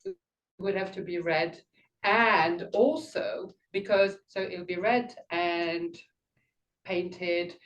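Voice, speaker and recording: A woman's voice: lowish voice, reverberant, dull audio. Older woman giving an impromptu speech. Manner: thoughtful, rambling, pauses to find words. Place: meeting room.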